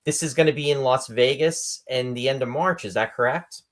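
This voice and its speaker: A man's voice: mid-range voice, normal speed, fairly bright tone. A man hosting an online show over a computer microphone, keeping up an upbeat, chatty patter. He greets his viewers one by one by name. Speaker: host. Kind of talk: casual live-stream chat.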